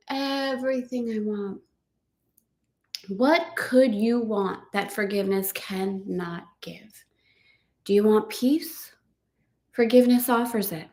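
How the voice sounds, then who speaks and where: A middle-aged woman hosting a casual spiritual live chat, repeating gentle affirmations and laughing often. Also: fairly high pitch, roomy sound. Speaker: host.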